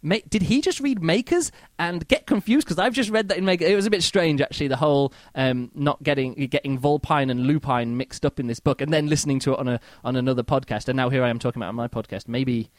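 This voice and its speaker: A man's voice: mid-range voice, fast, hardly any pauses, no echo. A man hosting a podcast, casually reviewing a book in an exasperated, mocking way. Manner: exasperated, mocking, animated, reads quotes aloud.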